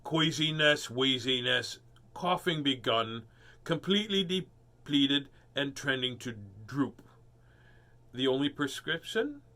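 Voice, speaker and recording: Bright, lively male storybook reader, chatty asides, playful character lines. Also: medium pitch, slow. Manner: chatty, animated, with dramatic giant lines. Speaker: host reading picture books aloud. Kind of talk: storybook read-aloud with chat.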